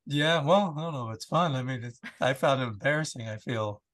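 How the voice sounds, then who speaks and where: A man's voice: mid-range voice, a little fast, fairly bright tone. A man from the East Coast of Canada with an Atlantic Canadian accent, co-hosting a podcast in easygoing, wry casual chat. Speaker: podcast co-host.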